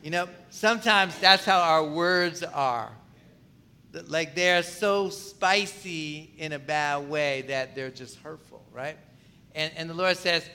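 A man's voice: a little high, unhurried, sharp tone, clean tone. A man preaching a sermon in a conversational way, often asking the congregation questions. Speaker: pastor.

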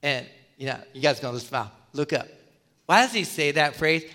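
A male pastor giving a sermon in a conversational, animated way, telling a story with many asides. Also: on the high side, moderate pace, big-room sound.

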